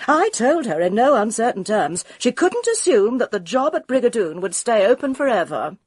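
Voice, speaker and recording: A woman's voice: fairly high pitch, sing-song, normal speed, slightly rough, no room sound, studio quality, pitched above the performer's own voice. A woman voicing an indignant, snippy middle-aged woman in an audiobook.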